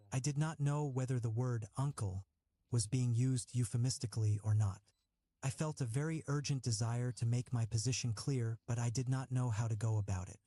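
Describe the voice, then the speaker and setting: Mellow, reflective male narrator. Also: medium pitch, no echo. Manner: measured, reflective first-person narration. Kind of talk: audiobook reading.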